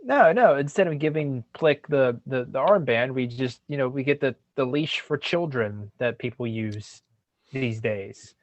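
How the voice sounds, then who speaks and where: A man's voice: medium pitch, measured pace, no echo, dull audio. A man playing in a tabletop role-playing game, cracking playful jokes in casual banter. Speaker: player.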